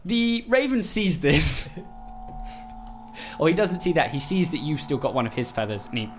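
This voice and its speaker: A man narrating a tabletop game as game master, hesitant and filling pauses with "um". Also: mid-range voice, expressive, faint music behind. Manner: unhurried, hesitant, many "um"s.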